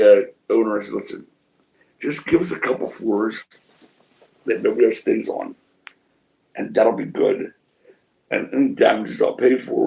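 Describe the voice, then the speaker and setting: A middle-aged man spins stories with lively swings of pitch and a gravelly edge, acting out each quote and swearing freely. The sound is dull and lo-fi. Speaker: wrestling promoter interviewee. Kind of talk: shoot interview storytelling.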